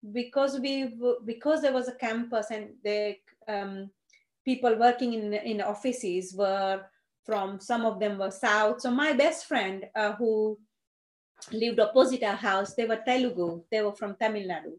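A woman, a Gujarati speaker who tells her life story haltingly, with many fillers and restarts. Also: a little high. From India (Gujarat). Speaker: interviewee. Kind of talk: personal storytelling. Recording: roomy echo.

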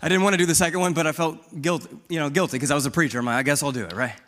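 A man preaching in a church, his voice a touch higher than most men's and carried by a long hall reverb. He tells his testimony boldly and plainly, like a conversation with the congregation. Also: very fast, fairly bright tone. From Missouri. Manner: bold, conversational storytelling. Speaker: pastor. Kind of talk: sermon with personal testimony.

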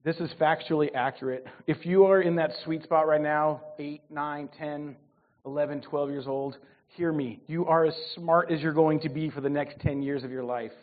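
A man in his forties preaching a sermon with humor, his voice swinging between loud and soft. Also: on the high side, steady tone, normal speed. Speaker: pastor. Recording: tinny phone-like sound.

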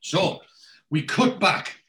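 A man's voice: sits high, expressive, takes it slowly, bright, forceful tone. A man hosting a podcast, recapping a TV episode in casual chat as a rambling storyteller full of restarts and asides.

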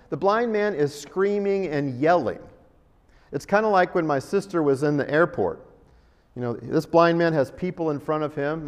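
A man delivers a sermon in a relaxed, talky manner and breaks into emphatic bursts. His voice sits a bit higher than most men's. A long hall reverb hangs after his phrases. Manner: conversational and emphatic, with sudden jumps in loudness. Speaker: preacher.

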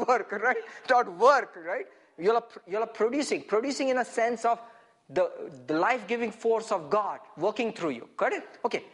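A man preaching a sermon with emphasis, having his listeners repeat verses after him and asking for agreement after nearly every point. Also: very high voice. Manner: emphatic, has the congregation repeat lines; reads verses slowly, stressing each phrase.

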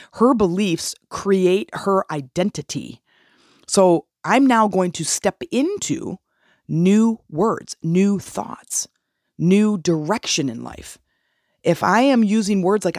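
A woman hosts a solo motivational podcast, coaching her listeners with earnest rhetorical questions. Her voice sits a little low for a woman. The recording is dry and close, with no room sound. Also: no room sound. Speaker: podcast host.

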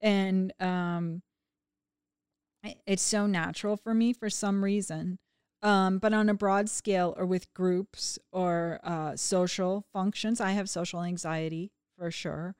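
A woman co-hosting a podcast who talks slowly and reflectively, often pausing on fillers. Her voice is smooth and clear, and it is recorded close in a dry room. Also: medium pitch, fairly even intonation, a little mellow, dry recording. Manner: reflective and measured, with frequent fillers. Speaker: podcast co-host. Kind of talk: casual chat.

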